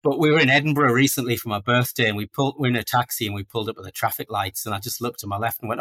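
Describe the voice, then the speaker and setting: Man in his forties, podcast guest, bright low voice, anecdotal and self-deprecating. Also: fast talker. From North East England. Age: 40s. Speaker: guest author. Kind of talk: casual podcast interview.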